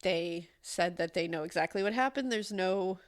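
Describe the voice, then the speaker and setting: A woman's voice: on the low side, normal speed. A woman co-hosting a true-crime podcast, sounding congested and chatting casually with fillers and laughs. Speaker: podcast co-host.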